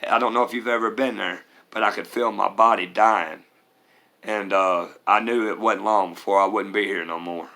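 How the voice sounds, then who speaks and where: A man's voice: lowish voice, fairly even intonation, normal speed, sharp tone. A middle-aged man, telling his recovery story in an earnest, rambling way. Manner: earnest and rambling, with Southern US turns of phrase. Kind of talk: personal testimony.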